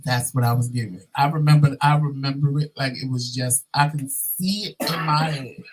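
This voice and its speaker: A man vlogging, telling a story in a casual, animated and sassy way with dramatic asides to his viewers. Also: medium pitch, normal speed, rough recording.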